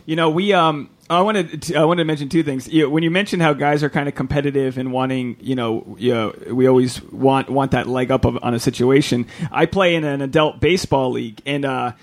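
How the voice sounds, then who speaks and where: A man's voice: medium pitch, steady tone, brisk, few pauses. A man, a podcast host and stand-up comedian, chatting casually with plenty of restarts. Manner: rambling, many restarts and fillers. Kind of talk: casual chat.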